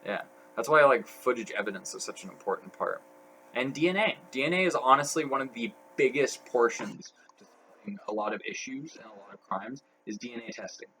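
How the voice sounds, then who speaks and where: A man's voice: mid-range voice, animated, a little fast, sharp tone, slight background noise, rough recording. A young man talking as a podcast guest, telling stories in a rambling way full of fillers. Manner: rambling, filler-heavy storytelling. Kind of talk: casual podcast chat.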